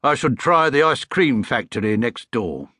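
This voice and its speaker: A man's voice: mid-range voice, very animated, normal speed, pushed and bright, slightly rough, no echo, clean studio sound, full character voice. A man voicing a stern, sarcastic middle-aged male gatekeeper, in an audiobook. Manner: sarcastic, blunt, working-class.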